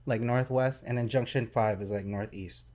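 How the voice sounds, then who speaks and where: A young man in casual podcast chat, telling a story in an animated, excitable way and acting out sound effects. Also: mid-range voice, moderate pace, a little hiss or hum. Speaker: podcast host.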